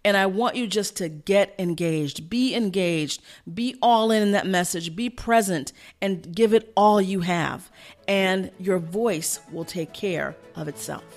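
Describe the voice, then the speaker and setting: An energetic woman coach teaches at a rapid clip, pushing her voice up and down to demonstrate what she means. Her delivery is emphatic and instructive. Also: faint music behind. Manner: energetic, emphatic, varies pitch to illustrate points; fast-talking. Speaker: communication coach and host. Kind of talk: instructional talk.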